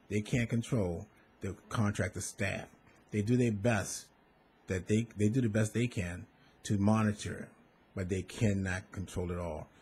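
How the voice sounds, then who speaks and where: A man's voice: fairly low pitch, darkish tone, a little hiss or hum. A man, a former bus contractor, speaking earnestly to parents, repeating and stressing his points. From Maryland. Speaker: school bus safety advocate, former contractor. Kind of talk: direct public appeal to parents.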